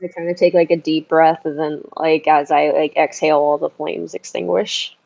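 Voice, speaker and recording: A woman's voice: deep voice, little pitch movement, moderate pace, vocal fry, darkish tone, dull audio. A woman playing a tabletop game, casual and hesitant. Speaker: player.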